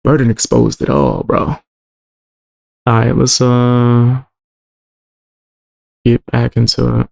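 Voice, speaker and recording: A man's voice: mid-range voice, completely flat delivery, slow, vocal fry, pauses often, darkish tone. A man hosting a podcast in casual chat, blunt, plugging his channel and interviews. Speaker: podcast host.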